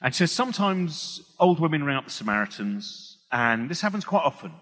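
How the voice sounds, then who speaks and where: A middle-aged comedian talks to an audience in a big hall, and his voice trails off into a long reverb. His tone is bright and a little sharp, set slightly high for a man. He wanders, restarts his sentences and slips into other people's voices. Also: very animated, normal speed. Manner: rambling, self-interrupting, acts out quoted voices. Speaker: comedian giving a talk. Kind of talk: stand-up style public talk.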